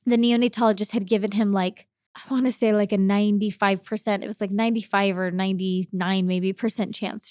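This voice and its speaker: A young woman telling a personal story on a podcast, emotional and halting, repeating her words as feeling comes up. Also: medium pitch, steady tone, a little mellow, no echo, clean studio sound. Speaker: podcast guest.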